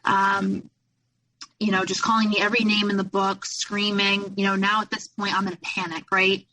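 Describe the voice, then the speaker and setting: A woman's voice: medium pitch, flat delivery, moderate pace, bright, forceful tone, poor audio. A young adult woman speaking candidly as a podcast guest, retelling past events with lots of quoted dialogue. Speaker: guest, abuse survivor. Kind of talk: personal storytelling in a podcast interview.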